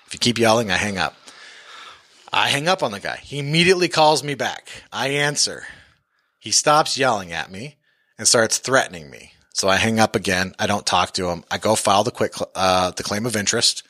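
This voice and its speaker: A man's voice: on the low side, animated, brisk, sharp tone, no echo, clean studio sound. A man who invests in real estate tells a story from his own deals on a podcast, bluntly and full of profanity.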